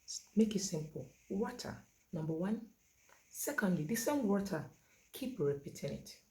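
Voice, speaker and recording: Woman educator, low voice, emphatic, halting delivery full of fillers. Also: animated, a little mellow. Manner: emphatic, repeats key words with stress. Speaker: autism communication educator. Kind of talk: instructional talk to parents.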